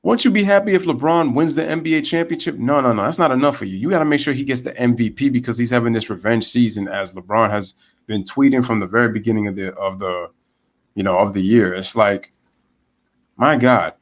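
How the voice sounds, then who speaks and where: A young man calls a baseball game live for his online viewers, reading the chat aloud between pitches. His voice sits at an ordinary middle pitch but leaps sharply upward when he launches into heated, ranting asides. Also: fairly quick. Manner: animated, ranting, chatty with viewers. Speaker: live baseball commentator and streamer. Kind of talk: casual live play-by-play with rants.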